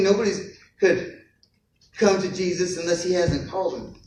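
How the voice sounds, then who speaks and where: Male pastor, relaxed conversational sermon, acts out the story's people, distant roomy sound. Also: high voice, slight background noise. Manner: conversational, acts out voices of figures, repeats words. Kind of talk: casual sermon. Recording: echoey church hall from far off.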